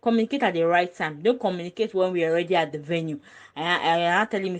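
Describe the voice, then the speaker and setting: Woman, low-pitched, earnest, emphatic, hesitant restarts, casual panel chat. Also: fast talker. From Nigeria. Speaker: panel guest.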